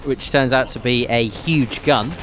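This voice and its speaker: A man's voice: medium pitch, steady tone, measured pace. A man hosting a history podcast who chats and jokes while commentating a game playthrough. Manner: chatty and jokey, with dry asides. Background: game gunfire and faint music.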